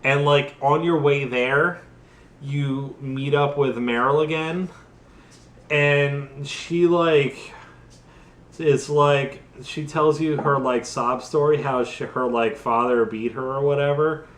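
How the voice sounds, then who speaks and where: A man's voice: mid-range voice, steady tone, takes it slowly, reverberant. A young adult man casually recapping a video game for laughs, tipsy and rambling with lots of restarts. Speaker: host.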